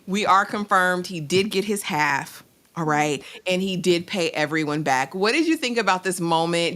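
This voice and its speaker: A woman's voice: fairly low pitch, animated, normal speed, a bit bright. A woman co-hosting a TV review show, recapping the plot in casual chat and asking viewers questions.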